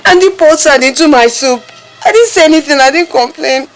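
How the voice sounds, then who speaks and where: An actress with a Nigerian English accent playing a hot-tempered young woman who scolds her little brothers and calls on God. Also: a little fast. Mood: complaining. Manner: shrill scolding, exclaiming to God. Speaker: elder sister Juliana. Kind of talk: Nollywood film acting. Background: film score music.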